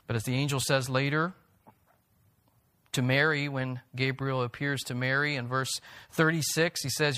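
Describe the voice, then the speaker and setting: A man's voice: mid-range voice, fairly even intonation, moderate pace, sharp tone. A male pastor preaching a sermon to his congregation. He talks earnestly and builds to emphatic peaks.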